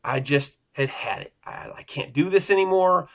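A middle-aged male pastor gives a personal faith testimony, rambling earnestly and circling back to restart sentences. His tone is bright and forceful, pitched a little high for a man, at a moderate pace.

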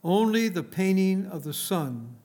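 Told by a man, a persistent auctioneer presses a silent room for bids, his voice pitched a touch high and loud. He keeps on at a slow, deliberate pace, like a storyteller. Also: lively intonation. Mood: solemn. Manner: calls out bids loudly. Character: persistent male auctioneer at an estate sale.

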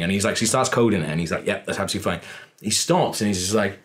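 A man telling stories in a casual podcast chat, animated and swearing freely. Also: low-pitched, racing, noisy background. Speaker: podcast co-host.

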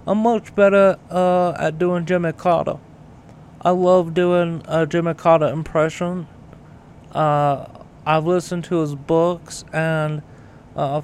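A man's voice: on the high side, slight background noise. A man hosting a podcast, reading news and riffing in a profane, rambling, self-mocking way. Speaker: podcast host. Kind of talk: casual news commentary.

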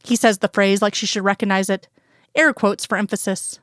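A woman reads fanfiction aloud as scripted narration, calm, even, and unhurried. Her mid-range voice is smooth and resonant, recorded dry and close with no echo or room sound, and she gives quoted characters plain voices.

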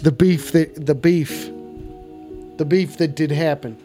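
A man's voice: fairly high pitch, fairly even intonation, slow, mellow, soft background music. A man hosting a casual call-in show, talking in a put-on cowboy drawl and playing it up for laughs. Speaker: host of a call-in stream. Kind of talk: casual live call-in chat.

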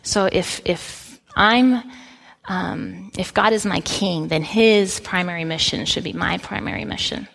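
A middle-aged woman pastor giving a sermon, telling a personal story in a relaxed, conversational way with frequent restarts. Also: lowish voice, unhurried, vocal fry, husky.

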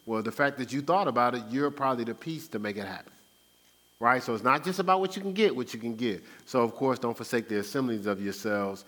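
A man's voice: medium pitch, fast. Man teaching faith with long reverb. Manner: animated, acts out everyday speech. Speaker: Christian teacher. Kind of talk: conversational preaching.

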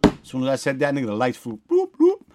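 Animated storytelling man from the Bronx. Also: medium pitch, quick pace. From the Bronx, New York. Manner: profane, animated storytelling with acted-out voices. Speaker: podcast host. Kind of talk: casual chat.

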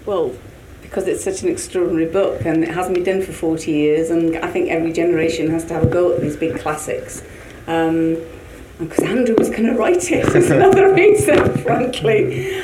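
A woman, a producer on a panel, giving measured, thoughtful answers. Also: on the low side, heavy background noise. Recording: distant mic in an echoey room.

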